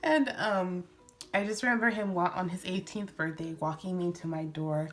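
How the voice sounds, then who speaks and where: Young woman, low-ish voice, tearful and sentimental, chatty makeup-vlog storytelling with faint music underneath. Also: moderate pace. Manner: emotional, tearful, breaking into whispers and laughs. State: teary. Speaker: beauty vlogger. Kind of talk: casual storytelling while doing makeup.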